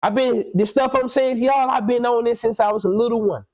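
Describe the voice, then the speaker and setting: A man's voice: very high voice, fairly even intonation, a little fast, a little mellow, poor audio. Man in his 30s, podcast host, preachy and profane, talks straight at the listener. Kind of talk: casual podcast conversation.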